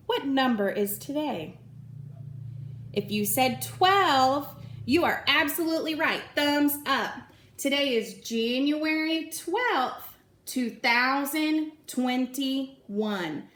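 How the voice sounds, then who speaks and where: A high-voiced woman gives a remote lesson for small children, speaking slowly and patiently as she explains each step. Her encouraging voice carries a clear echo from the room she records in at home. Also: a bit bright. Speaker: kindergarten teacher.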